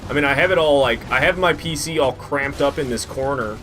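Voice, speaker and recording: A man's voice: mid-range voice, a little fast. A man streaming a game, talking casually and swearing a lot as he rambles and reacts. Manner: profane, excitable, rambling. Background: faint game music.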